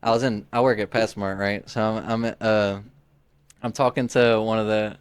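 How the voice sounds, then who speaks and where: A man's voice: fairly low pitch, level tone, moderate pace, clear, resonant tone, no room sound. A man in his twenties, a podcast co-host, telling a story in a rambling casual way with lots of "like" and restarts. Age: 20s. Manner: rambling, heavy use of "like", frequent restarts.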